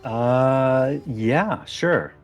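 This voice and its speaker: A man narrating as game master of a tabletop game, relaxed and describing the scene. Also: medium pitch, very slow, faint music behind.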